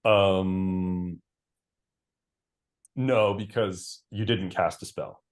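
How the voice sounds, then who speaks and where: A man narrating as game master, relaxed and laughing often. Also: sits low, drawn-out words.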